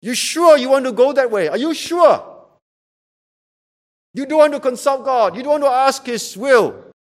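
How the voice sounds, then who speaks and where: A man's voice: extremely high pitch, lively intonation, a little slow. A man preaching a sermon, emphatic and repeating rhetorical questions to drive his point home.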